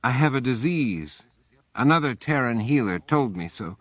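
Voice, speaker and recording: An injured woman prisoner and informer, guarded and calculating, dizzy and in pain, as a male narrator puts her on a few steps above his own pitch. She forces her words out in strained gasps, and the dull, dry recording keeps it close and muffled. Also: lively intonation, moderate pace, dry recording, natural voice.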